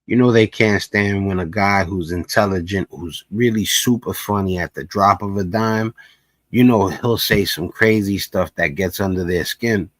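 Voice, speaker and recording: Man, low voice, dry close sound, laid-back reaction commentary, lots of fillers. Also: moderate pace, dry recording. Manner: laid-back, conversational, lots of "you know". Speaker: commentary host.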